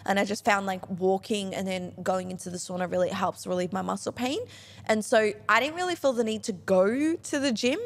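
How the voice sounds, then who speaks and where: A woman's voice: medium pitch, fairly quick. A woman co-hosting a podcast, talking frankly, swearing freely and filling with "like". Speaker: podcast co-host. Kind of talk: casual chat.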